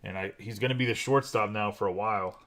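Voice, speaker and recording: Man, lowish voice, casual card-break host, chatty, quick name run-downs. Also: a bit bright, slight background noise. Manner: chatty, rattles off names quickly.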